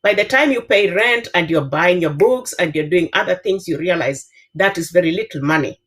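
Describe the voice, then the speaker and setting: Kenyan-accented female professor, 50s, slightly low voice, earnest and advisory, halting with fillers. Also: fairly bright tone. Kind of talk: panel discussion answer.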